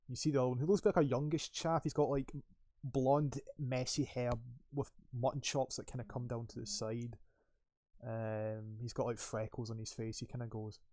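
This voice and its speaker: A man's voice: medium pitch, fairly even intonation, normal speed, dark tone, no echo, clean studio sound. A man running a tabletop game as game master, narrating loosely with many fillers.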